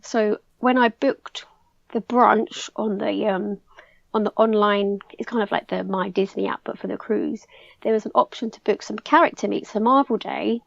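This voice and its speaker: A young English woman chatting excitedly as a podcast guest, peppering her story with "like". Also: mid-range voice, normal speed, creaky, no room sound, muffled recording. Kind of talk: casual chat.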